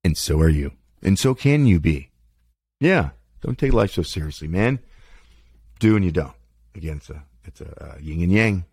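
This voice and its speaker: A man's voice: deep voice, moderate pace, darkish tone, dry recording. A man talking candidly about his life in a rambling, self-deprecating monologue, cursing freely, his mouth dry. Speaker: podcast host.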